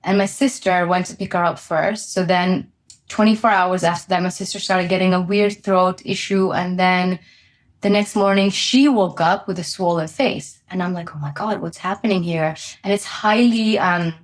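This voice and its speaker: A woman's voice: fairly low pitch, fairly even intonation, normal speed. A woman being interviewed as a company founder, telling a personal story candidly with many fillers.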